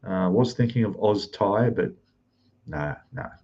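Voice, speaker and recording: A man's voice: lowish voice, fairly even intonation, unhurried, muffled recording. An Australian man hosting a live stream, greeting chat viewers one by one and keeping his voice down in a rented room. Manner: speaking softly, keeping voice down.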